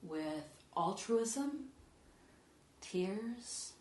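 A woman reading her own poetry aloud to an audience, measured and soft, often sinking to a hush. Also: medium pitch, expressive, a little hiss or hum. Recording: echoey room.

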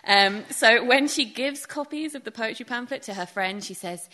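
A woman's voice: mid-range voice, a little fast, sharp tone. A young woman from England, reading her own poems aloud and adding wry, chatty asides between them. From Northeast England. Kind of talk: live poetry reading.

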